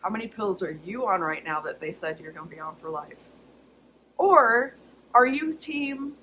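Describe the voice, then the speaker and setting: A woman's voice: medium pitch, expressive, normal speed, pushed and bright, a little hiss or hum, low-quality recording. A woman talking casually to her camera in a personal vlog, chatty and candid, often laughing. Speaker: vlogger.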